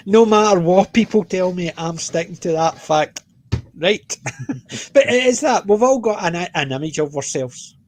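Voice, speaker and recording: A Scottish man hosting a stream, chatting casually about a book, self-mocking and quick to laugh. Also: high voice, expressive, slight background noise. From Scotland. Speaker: stream host.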